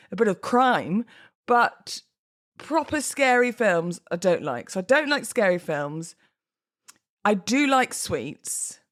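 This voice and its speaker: A woman from England in her thirties hosting a casual solo podcast, chatty and self-deprecating, laughing often and a little out of breath from pregnancy. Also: lowish voice. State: heavily pregnant, a bit out of breath. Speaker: podcast host.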